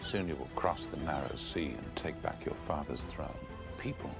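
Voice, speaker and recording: An actor with an upper-class British accent playing a rich, powerful merchant patron, smooth and confident. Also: male voice, very deep voice, moderate pace. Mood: assured. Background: loud music.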